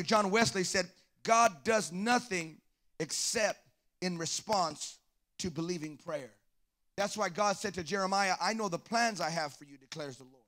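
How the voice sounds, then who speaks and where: A man's voice: high voice, sharp tone. A man preaching as a pastor to his congregation, fervent and full of call-and-response, slipping into a sing-song cadence. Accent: Southern Californian. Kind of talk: sermon. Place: church sanctuary.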